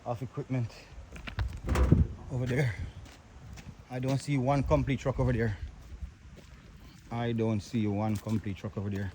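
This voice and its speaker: Outdoors, a man films on his phone as he walks through a truck yard wrecked by a storm, narrating the damage with grief-stricken exclamations and frequent repetition. His medium-pitched voice shows little pitch movement, and he speaks at a measured pace with long pauses over background noise.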